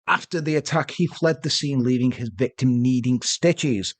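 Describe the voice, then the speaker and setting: A man co-hosting a podcast, telling a true-crime story with joking, deadpan asides. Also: mid-range voice, normal speed, no echo. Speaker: podcast co-host.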